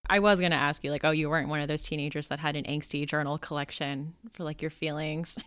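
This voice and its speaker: Low-voiced woman host, dry sound. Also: steady tone, fast, fairly bright tone, clean tone, no room sound. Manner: friendly questioning, laughs along. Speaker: interview host. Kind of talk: casual interview chat.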